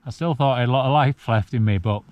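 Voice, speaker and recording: A man in his forties from the UK talks to his camera while wild camping on a cold mountaintop at night. His voice is mid-pitched and relaxed, and he reflects aloud with an easy chuckle now and then. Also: fast, no room sound, dull audio. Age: 40s. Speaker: solo wild camping vlogger. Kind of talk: casual chat to camera.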